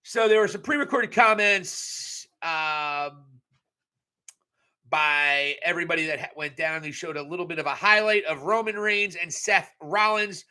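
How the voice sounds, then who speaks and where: A young man reviews a wrestling show in live, casual chat, his fairly high voice carrying a bright, cutting edge. He's blunt and crude, swearing and tossing in joking asides.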